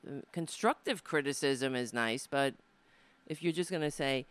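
A woman's voice: sits low, animated, unhurried, fairly bright tone, smooth, dry recording. A woman comedian from hosting her own show, talking in a rambling, profane, sardonic way into a desk microphone. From Brooklyn, USA. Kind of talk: casual live-stream monologue.

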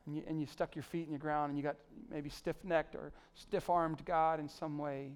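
Male pastor, sermon, pleading and emphatic, voice a touch high. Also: level tone, normal speed, clean tone. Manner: pleading, rising to emphatic peaks then dropping soft.

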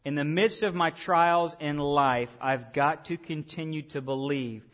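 A man preaching a sermon, asking the room questions and rising loud on key points. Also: a little high, a little slow. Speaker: pastor.

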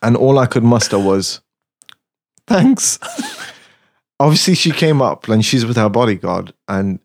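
A man's voice: on the low side, moderate pace. Laid-back man telling studio stories. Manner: laid-back, anecdotal, laughs often, many fillers. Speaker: music studio engineer, guest. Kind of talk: casual storytelling interview.

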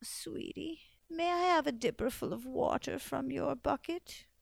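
Woman storyteller doing a kindly old woman, soft, coaxing, fairly high voice, dry sound. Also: a little slow, vocal fry, no echo, full character voice. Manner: soft, coaxing, calls the girl sweetie.

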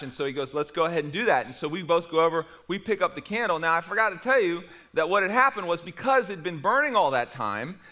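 A middle-aged man preaching a sermon, telling a story with lively humor to his congregation. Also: sits high. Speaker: pastor.

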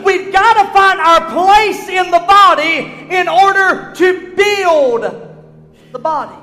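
A male pastor preaching a sermon in a church, swinging between shouted passages and hushed ones. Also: extremely high pitch, takes it slowly. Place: church sanctuary. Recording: long hall reverb with faint music.

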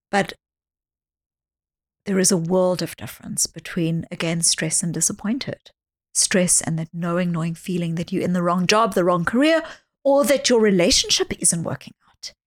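A woman speaking as a psychologist guest on a podcast interview, explaining ideas earnestly and dropping to a soft voice when she acts out quoted speech. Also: fairly low pitch.

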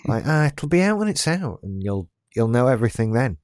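A man in his late thirties co-hosts a casual podcast, talking in a relaxed, meandering way, often restarting his sentences and adding dry asides about himself. He has a mid-range voice, and the recording is close and dry, with no room sound. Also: medium pitch, fairly quick, dry recording. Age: late 30s. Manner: laid-back, rambling with restarts and self-deprecating asides. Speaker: podcast co-host. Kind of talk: casual chat.

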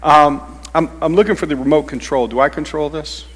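Man, pastor, sermon, conversational teaching, slightly high voice, long hall echo. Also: fairly quick, a bit bright, slightly rough. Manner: conversational teaching with fillers and restarts.

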